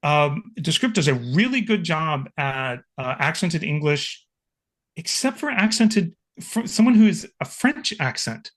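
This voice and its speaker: A man, a guest expert, giving an enthusiastic, chatty live software demonstration over a video call. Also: fairly high pitch, very animated, measured pace. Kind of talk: casual live software demo.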